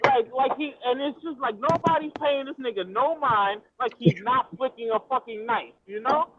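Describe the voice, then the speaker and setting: A man telling a story over casual chat, profane and excitable, with slangy street talk. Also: very high-pitched, normal speed, a little hiss or hum. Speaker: storyteller guest. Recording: tinny phone-like audio.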